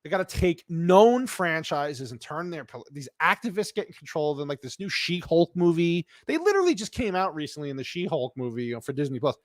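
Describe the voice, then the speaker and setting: A man's voice: fairly high pitch, very animated, fairly quick, hardly any pauses, no echo. Cranky man ranting into a dry mic. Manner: cranky, blunt, profane rant. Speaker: streamer reading live chat. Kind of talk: casual ranting commentary.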